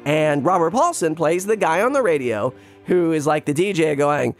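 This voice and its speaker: A man chatting casually and telling an anecdote, rambling with restarts and jumping into quick impressions of other people. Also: a little high, expressive, soft background music. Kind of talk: casual storytelling chat.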